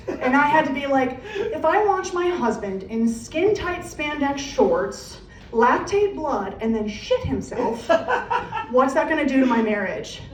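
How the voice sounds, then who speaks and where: An American woman does stand-up in a comedy club, recorded live, telling profane stories and acting out voices in a brash way. Her voice is medium-pitched with a darkish tone. The room is echoey, the mic distant, and there's faint noise.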